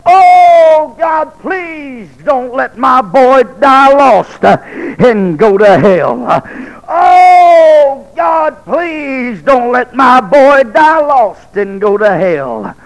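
Wailing distraught mother, as a male preacher puts her on, shouting, high-pitched, slow crying pleas. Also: lively intonation, a faint crowd, full character voice, rough recording. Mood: wailing, pleading. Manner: shouting, crying, drawn-out pleading. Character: frantic grieving mother, wailing, middle-aged woman.

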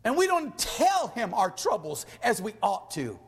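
Male preacher, high-pitched, unhurried delivery, whispers and shouts through scripture. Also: huge pitch swings, husky. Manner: swings from hushed whispers to shouted praise; reads scripture in King James style. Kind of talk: sermon.

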